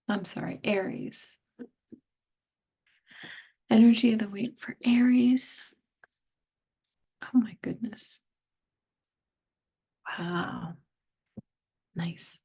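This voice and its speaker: A middle-aged woman giving a tarot reading, hoarse and losing her voice, half whispering in a gentle, musing way. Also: mid-range voice, slow, pauses often. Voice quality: breathy, partly whispered. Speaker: tarot reader.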